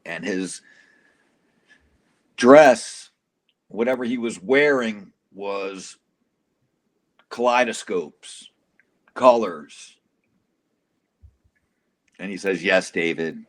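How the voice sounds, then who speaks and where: A man's voice: fairly low pitch, very slow, pauses often. A man telling an emotional personal testimony as an interview guest, casual and profane, acting out quotes dramatically.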